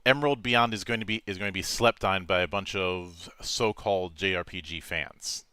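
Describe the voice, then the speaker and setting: A man's voice: low-pitched, moderate pace, pushed and bright, clean tone, no echo, studio quality. A man co-hosting a casual chat about game trailers, speaking in a thoughtful, opinionated way. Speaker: co-host.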